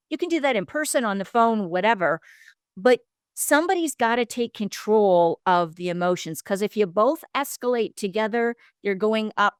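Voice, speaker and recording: A woman divorce coach giving calm, explanatory advice as a podcast guest. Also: medium pitch, normal speed, clean tone, no echo, clean studio sound. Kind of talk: podcast interview.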